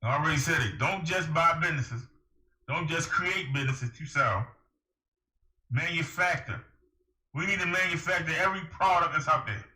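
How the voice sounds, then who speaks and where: Recorded in an echoey room, this man's sharp, higher-leaning voice carries an emphatic, sermonizing advice monologue aimed at the camera. As a vlogger, he keeps throwing rhetorical questions at whoever's watching.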